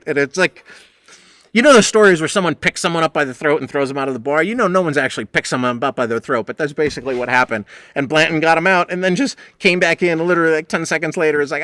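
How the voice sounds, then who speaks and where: A man's voice: on the high side, quick pace, fairly bright tone, no echo. A man hosting a podcast who tells a rambling, profane story from behind the bar and acts out the people in it. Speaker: podcast host and bartender. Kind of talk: casual storytelling monologue.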